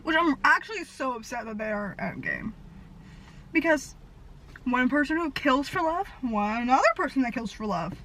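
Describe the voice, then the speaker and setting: A young woman in her twenties rambles to camera from inside a car. Her high, bright voice races through stories, full of "like" and sudden exclamations. A faint hum of noise sits behind her. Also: poor audio. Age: 20s. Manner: fast, animated storytelling with frequent "like". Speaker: vlogger. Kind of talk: casual rambling chat. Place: parked car.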